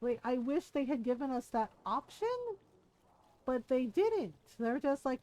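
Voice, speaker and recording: A high-pitched woman talking casually to her viewers while she plays. She rambles animatedly, drops plenty of swear words, and slips into little voices to act out what her friends said. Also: unhurried, no room sound, poor audio. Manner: animated, chatty, swears freely, acts out quoted friends. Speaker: game streamer. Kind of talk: casual chat while streaming a game.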